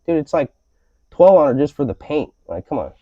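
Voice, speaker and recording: Big pitch swings mark this podcast host's fairly high voice as he rants at a moderate pace, casual, rambling, and profane. No room sound is present, though the lo-fi audio is slightly dull.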